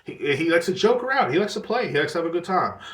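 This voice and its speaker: A man hosting his own podcast, telling a story in a rambling, profane, animated way. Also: high voice, quick pace, echoey room. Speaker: podcast host. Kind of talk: casual solo podcast rant.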